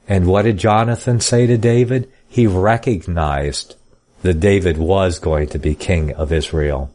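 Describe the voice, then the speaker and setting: Deep-voiced man teaching a Bible study. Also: measured pace, darkish tone. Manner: reads scripture in King James style then comments casually; plainspoken, folksy asides. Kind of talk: Bible study reading and commentary.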